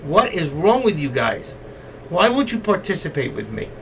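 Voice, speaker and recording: A man hosting a live trading stream, coaxing and teasing his viewers and now and then breaking into loud shouts. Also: fairly high pitch, sing-song, moderate pace, gravelly. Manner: coaxing, teasing and exasperated with the chat. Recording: distant mic, faint room noise.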